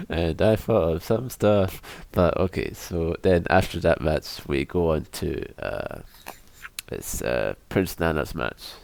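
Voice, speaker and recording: Deep-voiced sardonic male podcaster. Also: very animated, slow, vocal fry, pauses often. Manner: sardonic, profane, laughs often. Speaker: podcast co-host. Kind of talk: casual podcast chat.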